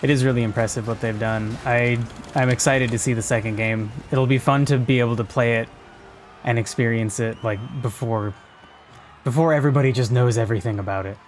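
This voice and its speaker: A man's voice: medium pitch, fairly quick, a little hiss or hum. Laid-back male streamer. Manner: relaxed, many "like" fillers. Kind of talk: casual gameplay chat.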